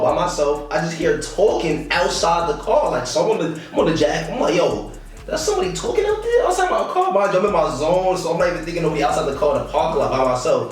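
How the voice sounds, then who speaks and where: A young man, a comedian guest, telling stories in a casual interview, slangy and laughing often. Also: a little high. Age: young adult. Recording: echoey room, distant mic.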